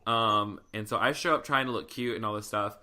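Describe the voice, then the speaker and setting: A man hosting a podcast with a Southern US accent, telling stories in an animated, preacher-style way. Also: lowish voice, a little fast. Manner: animated storyteller, preacher-style call and response. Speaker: podcast host. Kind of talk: casual chat.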